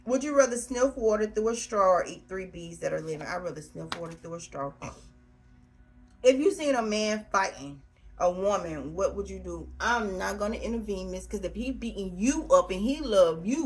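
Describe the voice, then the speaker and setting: A woman's voice: mid-range voice, big pitch swings, moderate pace. A woman in her thirties answering question prompts alone on camera, blunt and crude, joking as she goes. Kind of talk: casual solo question-and-answer.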